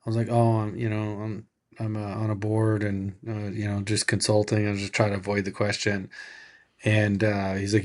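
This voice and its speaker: Low-voiced man telling a story. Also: moderate pace. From California, USA. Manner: animated anecdote-telling, acting out quoted dialogue. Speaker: podcast guest. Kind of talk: casual storytelling.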